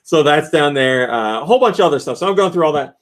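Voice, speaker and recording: A male podcast host telling a story in a casual chat, his voice swinging widely in pitch as he talks. He sits a little above the usual male pitch, laughs often and jumps into high squeals when he acts out what people said. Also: expressive, quick pace.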